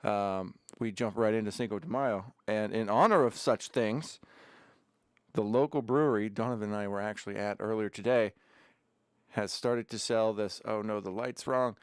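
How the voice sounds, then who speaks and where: A man's voice: on the low side, normal speed, clean tone, dry recording. A man hosting a casual livestream from his home studio, chatting in a rambling way with sarcastic asides between sips of beer. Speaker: livestream host. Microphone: desk camera setup.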